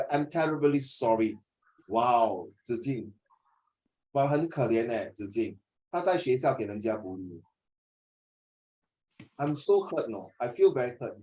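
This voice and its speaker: A Singaporean man tutoring students in a casual, joking lesson, teasing them and mixing languages as he talks. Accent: Singaporean English. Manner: animated, teasing, mixes languages, lively pitch swings.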